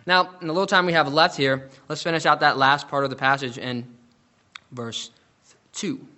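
A man delivers a sermon in a bright, ringing voice. He reads scripture with rising emphasis and presses each point home, swinging between loud declarations and quiet, serious asides. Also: on the high side, steady tone, normal speed. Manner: emphatic preaching, reading scripture aloud with rising intensity. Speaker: preacher.

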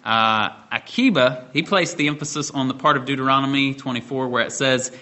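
A middle-aged man delivers an expository sermon, walking his listeners through the scripture step by step. His voice is bright and forward, at an ordinary pitch for a man. He talks in a measured way, now and then pausing on a filler or restarting a phrase. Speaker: preacher.

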